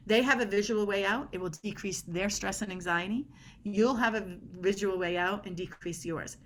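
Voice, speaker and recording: A middle-aged woman talks as a podcast guest, emphatic and lively, acting out little scenes of dialogue. Her pitch sits in the middle of the range. A faint hiss lies under her voice. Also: normal speed. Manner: animated, emphatic, acts out quoted dialogue. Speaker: body language expert guest. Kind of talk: podcast interview.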